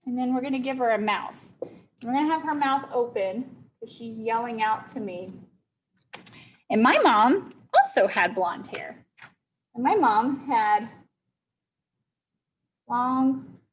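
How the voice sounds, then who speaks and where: A woman teacher tells a simple story to young children at a slow, careful pace. Her voice sits a little high and swoops with lively melody. She checks in often with her listeners, with faint ambient hiss behind her. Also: low-quality recording.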